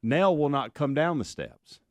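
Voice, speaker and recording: A man, co-hosting a radio talk show and telling a rambling, animated story with many restarts. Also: a little high, measured pace, no room sound.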